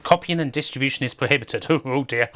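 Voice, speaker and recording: A man's voice: on the high side, fairly bright tone, a little hiss or hum. A man giving casual, rambling livestream commentary over a game, laughing often and talking to his chat. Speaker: streamer.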